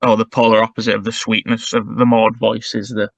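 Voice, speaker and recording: A man's voice: lowish voice, level tone, brisk, creaky, no echo. A man co-hosting a podcast in casual chat, musing and thinking aloud with many asides. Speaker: podcast co-host.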